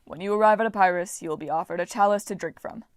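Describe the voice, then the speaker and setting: A woman voicing a pompous, boastful male farm god who talks loudly and theatrically in an audiobook. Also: fairly low pitch, fast, dry recording, clean studio sound, natural voice. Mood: dismissive. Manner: loud, theatrical, dismissive.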